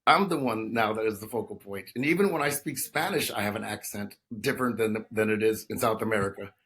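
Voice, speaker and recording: A man's voice: on the low side, brisk, a bit bright. A man in his fifties from Texas, a guest telling his story in a conversational interview, talking in long runs with many restarts and "you know" fillers. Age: 50s.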